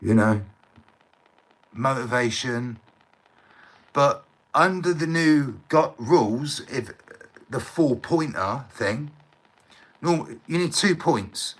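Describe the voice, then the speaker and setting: A man's voice: medium pitch, expressive, takes it slowly, pauses often, poor audio. A middle-aged man talking on a live stream, in a heated rant that is full of swearing, repeated words and asks for agreement. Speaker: livestreamer. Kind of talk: ranting live stream monologue.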